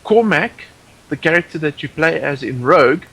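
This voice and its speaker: A man's voice: a little high, animated, moderate pace, a bit bright, poor audio. A man guest on a podcast in casual chat, opinionated and rambling, with many restarts.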